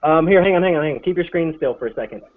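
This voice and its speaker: A man chatting casually on a live video call, joking and laughing between quick directions. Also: on the high side, animated. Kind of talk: casual chat. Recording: phone-like video call line, faint noise.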